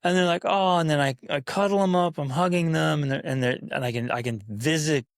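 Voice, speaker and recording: A man hosting a parenting podcast in casual talk, animated, acting out kids and parents in playful voices. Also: fairly high pitch, a little fast, no room sound, clean studio sound. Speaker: podcast host.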